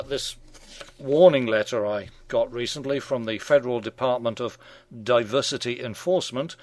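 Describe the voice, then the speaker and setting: A man's voice: mid-range voice, dry recording. Wry, ironic male radio host. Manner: wry, ironic, mock-genial. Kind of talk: scripted satirical radio commentary.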